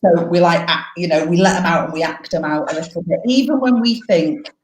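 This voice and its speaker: Woman life coach, kinda low voice, blunt and lively, swears a bit, roomy echo. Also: brisk, a little hiss or hum. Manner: frank, animated, swears freely. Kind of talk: live coaching Q&A.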